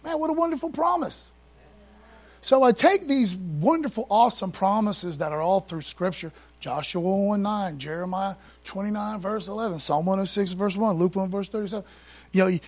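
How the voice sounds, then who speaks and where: A man preaching a sermon in a casual, conversational way, full of slang and asides, who gets excited and speeds up. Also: high voice. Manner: excitable, speeds up when fired up.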